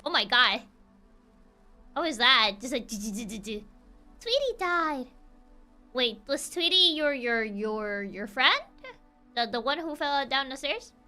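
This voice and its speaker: Young female game streamer with a high, animated voice. Playful, giggly, and teasing, with quick stumbles and restarts. Some music underneath. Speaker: gaming streamer. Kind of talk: playful gaming stream commentary.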